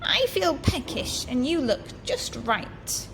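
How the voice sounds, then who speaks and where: A woman voicing a sinister old witch who talks in a high, sly, scolding voice. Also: big pitch swings, takes it slowly, a bit bright, slight background noise, exaggerated voice.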